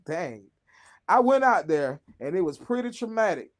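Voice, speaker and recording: A man's voice: sits high, big pitch swings, moderate pace. A man hosting a casual news show, reading stories aloud with jokes, laughing and stumbling over names. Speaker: show host.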